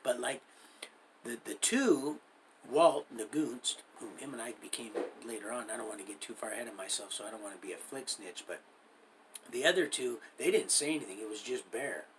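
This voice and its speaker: A man's voice: medium pitch, fairly quick, slight background noise, low-quality recording. A man casually telling a story from his own life, rambling with many restarts and acting out what others said, in streetwise slang. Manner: rambling, full of restarts and acted-out quoted dialogue.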